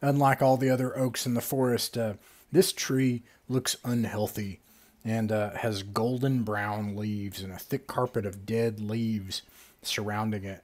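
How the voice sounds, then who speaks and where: A man narrating as game master in a relaxed, casual way, with lots of fillers. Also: on the low side, measured pace.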